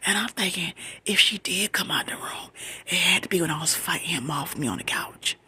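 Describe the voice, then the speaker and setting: A middle-aged woman shares a true story in a soft whispered storytelling style, her voice almost all breath with a bright, tense edge. She talks emphatically and conversationally, repeating words to drive a point home. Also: fairly low pitch, a little fast, breathy edge.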